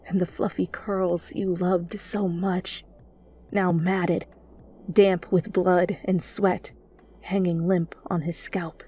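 A woman narrating a fanfiction reading as a whispered role-play, in hushed, deliberate storytelling. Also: fairly low pitch, slightly rough. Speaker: fanfiction reader.

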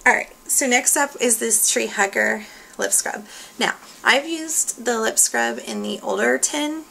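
Hoarse woman with heavy vocal fry. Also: fairly high pitch, a little slow, slight background noise, poor audio. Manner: chatty, relaxed, with frequent fillers. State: losing her voice. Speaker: beauty product consultant. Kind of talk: casual product review.

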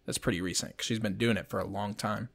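A man's voice: lowish voice, fairly even intonation, quick pace, vocal fry. A man co-hosting a podcast, chatting casually in a rambling, jokey way. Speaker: podcast co-host. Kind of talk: casual chat.

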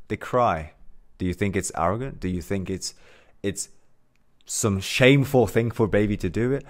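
A man's voice: low-pitched, fairly quick. A man working as a mindset coach, giving a motivational talk to camera in an earnest, emphatic way, repeating phrases and using many fillers.

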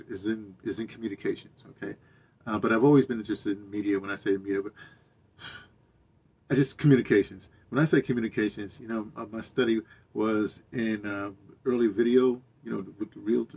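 A man's voice: on the low side, vocal fry, slightly rough. An older man rambling through a casual monologue as host of his own channel, interrupting himself and chuckling at asides. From United States.

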